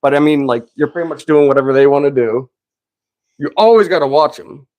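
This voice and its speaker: A man's voice: a little high, fairly quick, darkish tone, no echo. A man in his thirties hosting a podcast, chatting casually, rambling and laughing often as he acts out little quotes. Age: 30s. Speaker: podcast host. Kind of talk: casual chat.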